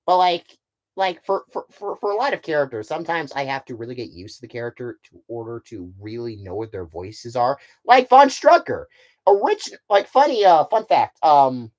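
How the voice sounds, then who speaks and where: A man casually chatting on a stream about his puppet series and answering viewer questions, often stammering and repeating words before finishing a thought. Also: medium pitch. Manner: rambling and offhand, with frequent fillers like "like" and "you know".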